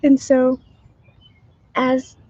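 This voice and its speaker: A woman's voice: high-pitched, completely flat delivery, very slow, a little mellow, dry recording, highs cut off. A woman hosting a live stream as a spiritual medium, chatting casually with viewers, sounding tired in her morning voice and laughing often.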